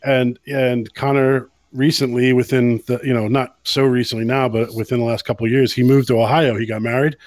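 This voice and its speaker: A man's voice: medium pitch, level tone, fairly quick, hardly any pauses, darkish tone, dry recording. A man hosting a podcast, chatting casually, laughing often and restarting his sentences. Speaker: podcast host. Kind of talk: casual chat.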